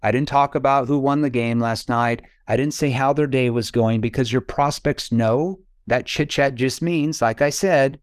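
A man's voice: medium pitch, moderate pace, few pauses, clear, resonant tone, dry recording. Man explaining sales calls, dry sound. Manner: acts out phone calls with prospects; explanatory, asks rhetorical questions. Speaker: sales trainer. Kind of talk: sales coaching podcast talk.

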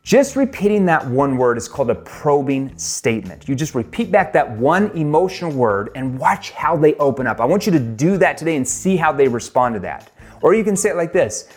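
A middle-aged man leads a sales training lesson, his voice swinging widely in pitch as he stresses key points. He speaks emphatically and breaks into acted sample questions. Faint music plays behind him. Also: very animated, a little fast, breathy edge.

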